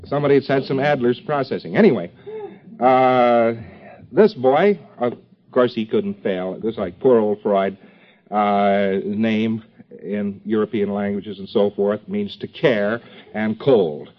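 A man's voice: lowish voice, a little slow. A man giving an informal lecture to a class, rambling with joking asides and many fillers. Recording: dull lo-fi old tape recording.

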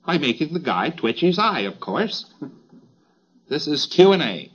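A man's voice: a little high, big pitch swings, unhurried, breathy edge. Man lecturing on dull old tape. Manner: wry, chatty, emphatic asides. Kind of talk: informal lecture.

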